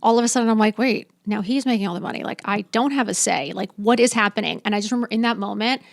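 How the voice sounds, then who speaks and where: A woman's voice: medium pitch, fast, gravelly, dry recording, studio quality. A woman in her fifties, a podcast guest, telling her story candidly and bluntly, swearing freely and acting out what people said. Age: 50s. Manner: blunt, emphatic, swears freely, acts out dialogue.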